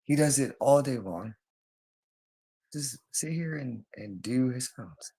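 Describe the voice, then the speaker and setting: A man's voice: mid-range voice, animated, slow pace, warm tone, husky. A man talking straight to the listener in a rambling monologue, urgent and pleading, repeating the same phrases over and over. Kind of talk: rambling direct-to-camera monologue.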